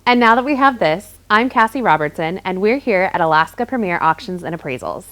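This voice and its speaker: A woman hosting a local TV interview who asks friendly, lively questions. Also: medium pitch, fairly quick. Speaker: host.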